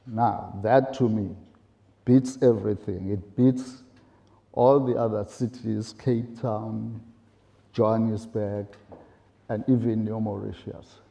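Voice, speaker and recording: A man speaking on a panel in a gravelly, very dark voice. He talks haltingly, with fillers and rhetorical questions, and his voice rings in an echoey room. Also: on the low side, fairly even intonation. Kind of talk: panel discussion. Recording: roomy echo.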